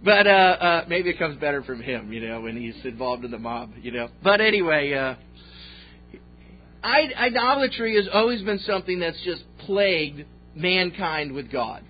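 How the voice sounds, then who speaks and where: A man's voice: fairly high pitch, expressive, normal speed, a little hiss or hum. A man pastor preaching a sermon with folksy storytelling and jokes, on a slightly dull recording.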